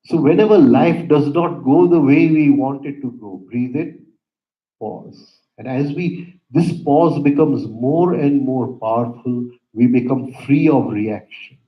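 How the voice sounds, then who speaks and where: A man teaching a yoga breathing lesson, giving calm instructions with soft pauses and frequent "right?" asides. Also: mid-range voice. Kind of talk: guided breathing lesson with storytelling. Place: yoga center room. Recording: roomy, dull lo-fi hall recording.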